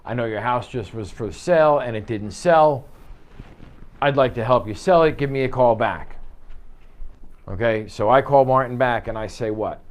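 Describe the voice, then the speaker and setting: In an office, a man from the United States coaches real estate agents through cold-call scripts as part of a training talk. His medium-pitched voice moves at a moderate pace, lively and animated, and he slips into quoted voices for each side of the phone call.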